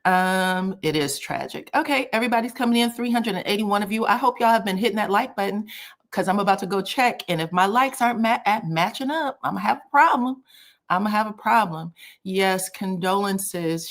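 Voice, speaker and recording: A woman's voice: mid-range voice, normal speed. A woman hosting a casual live stream from home, greeting viewers by name and city and chatting loosely about online drama. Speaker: livestream host. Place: a cold room at home.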